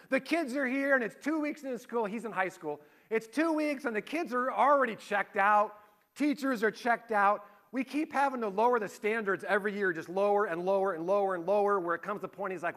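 Middle-aged male pastor, high bright voice, chatty sermon with stories and rhetorical questions. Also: expressive, moderate pace. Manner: conversational preaching, rhetorical questions, anecdotes.

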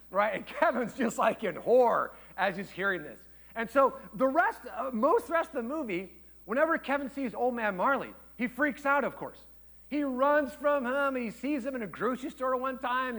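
A man preaching a sermon, telling a story with lively shifts between loud excited quotes and hushed quiet passages. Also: normal speed, creaky. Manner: animated storytelling, acts out quotes with jumps in pitch and volume; drops to a hushed, low voice for tender moments. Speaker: pastor.

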